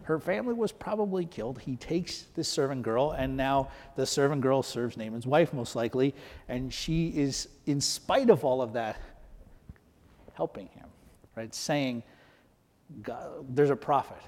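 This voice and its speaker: A man's voice: medium pitch, normal speed, darkish tone, big-room sound. A man preaching a sermon as pastor, talking conversationally and asking rhetorical questions.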